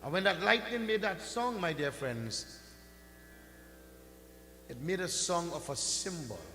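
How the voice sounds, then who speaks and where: Slow, bright-voiced man preaching, lilt. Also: high voice, faint music behind. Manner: slow, rising and falling emphatic delivery, chanting mantras. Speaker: pundit giving a religious discourse. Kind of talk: sermon storytelling. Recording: echoey hall with faint hum.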